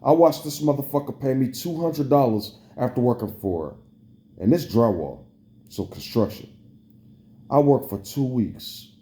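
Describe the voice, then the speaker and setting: A man's voice: medium pitch, animated, normal speed, mellow. A young man, ranting to camera in a heated, profane, repetitive way. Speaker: vlogger. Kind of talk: angry rant to camera.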